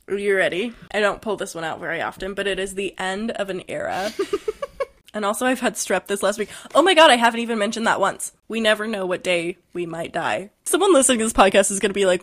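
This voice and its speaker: A woman's voice: medium pitch, lively intonation, brisk. Giggly, sarcastic young woman co-host. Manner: giggly, sarcastic, swears freely. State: slightly sick from strep throat. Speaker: podcast co-host. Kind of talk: casual podcast chat.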